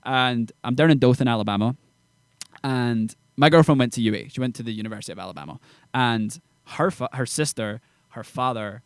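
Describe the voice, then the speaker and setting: A young Englishman rattles through his stories at a quick clip, full of slang and energy. His voice sits at an ordinary pitch and is recorded dry and close. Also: no room sound. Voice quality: fast, animated storytelling with slang. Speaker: songwriter guest. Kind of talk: casual chat.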